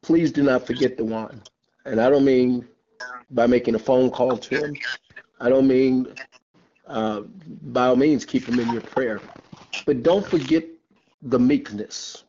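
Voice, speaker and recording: Man, pastor, earnest and slow-spoken, church Bible study call, muffled phone audio, faint hiss. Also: medium pitch, warm tone. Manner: slow, earnest exhortation with many amens.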